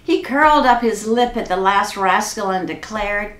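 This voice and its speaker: A woman reading a children's storybook aloud in an expressive, unhurried way. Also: medium pitch, echoey room.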